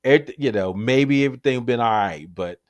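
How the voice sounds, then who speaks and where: A podcast co-host chats casually about movies, animatedly telling stories, acting out quotes, and laughing often. His voice is medium-pitched and brisk, with no echo.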